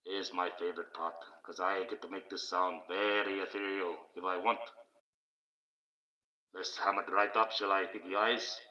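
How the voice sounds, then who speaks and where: A man's voice: sits low, little pitch movement, normal speed, pushed and bright, muffled recording. A man delivering a preachy livestream monologue in a put-on, declaiming voice.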